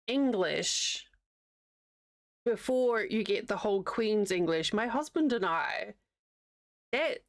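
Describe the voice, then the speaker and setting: A young woman with a New Zealand accent streams live while crocheting, chatting casually, rambling, and answering her chat as she works. Her medium-pitched voice is captured in studio quality with no echo.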